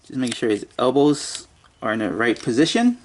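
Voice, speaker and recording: A man's voice: mid-range voice, very animated, fairly quick. A man giving a casual toy review, muttering and joking to himself as he handles the figure.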